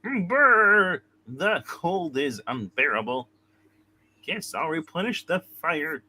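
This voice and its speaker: A humble young clerk shivers and answers meekly in a bright, lively voice, put on by a reader in a comic-book reading. He sounds eager to please. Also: medium pitch, takes it slowly, full character voice. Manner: meek, humble. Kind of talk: comic book read-aloud.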